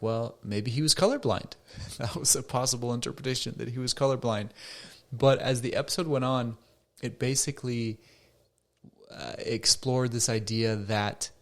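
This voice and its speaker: A middle-aged man hosting a solo podcast as a counselor, talking conversationally and asking rhetorical questions. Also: on the low side. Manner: conversational, rhetorical questions, acts out quoted voices.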